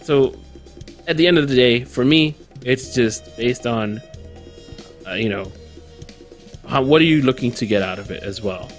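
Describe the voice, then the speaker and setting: A man's voice: medium pitch, a little slow, long pauses, soft background music. A man co-hosting a podcast in casual chat, rambling and stopping to search for words. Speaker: podcast co-host.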